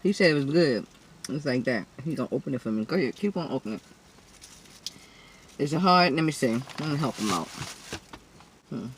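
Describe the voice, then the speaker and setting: A woman hosting a casual eating video, chatting to camera between loud bites, humming and smacking. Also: a bass voice, expressive, fairly quick, long pauses, slight background noise. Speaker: eating show host. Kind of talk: casual mukbang chat to camera.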